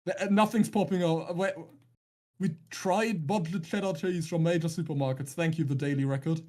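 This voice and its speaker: A man casting a live esports stream, chatting casually with teasing, deadpan jokes and rambling restarts. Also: fairly high pitch, a little fast. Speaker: esports caster.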